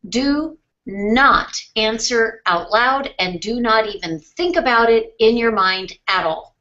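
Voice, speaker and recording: Slow, calm woman coaching a webinar. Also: a little high, highs cut off. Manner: calm, question-based, deliberate pauses. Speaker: sales trainer.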